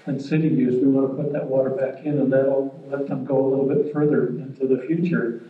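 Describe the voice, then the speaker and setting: A man explains water rules at a public meeting, speaking in a plain, measured way and often restarting his sentences. His delivery stays flat and even. The recording is muffled and very roomy, taken from a distance. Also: medium pitch.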